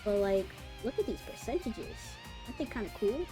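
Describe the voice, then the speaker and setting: A woman's voice: a little high, huge pitch swings, a little fast. A young woman streaming a game live, chatting loosely and teasing her viewers, swearing freely. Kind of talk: casual live-stream chat. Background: game music.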